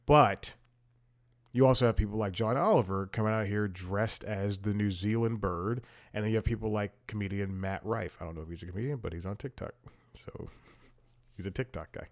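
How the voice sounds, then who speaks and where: Man, podcast host, low voice, rambling, digressive, self-amused, casual commentary. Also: a little fast. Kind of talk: casual talk-show commentary.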